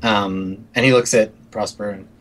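A man's voice: fairly low pitch, fairly even intonation, normal speed, fairly bright tone. A man running a tabletop role-playing game as game master, narrating scenes and voicing characters with lots of fillers. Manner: rambling, filler-heavy narration.

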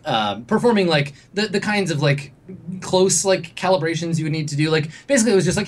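A man's voice: on the high side, big pitch swings, brisk. A man running a tabletop game as game master, narrating loosely with many fillers. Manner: loose, laughing, lots of fillers.

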